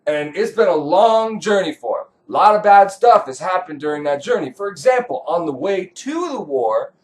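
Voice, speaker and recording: Male comic narrator; animated, irreverent, rambling delivery. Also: sits high, normal speed. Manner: profane, sarcastic, rambling. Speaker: comedic myth narrator.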